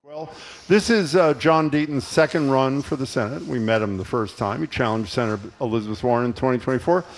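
Fast-talking male interview host. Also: medium pitch. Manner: brisk, pointed questioning. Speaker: radio show host. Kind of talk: interview questioning.

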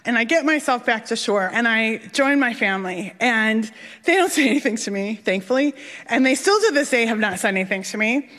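A woman telling a personal story on stage with an animated, self-deprecating comic delivery. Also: a little high, fairly quick. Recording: reverberant hall.

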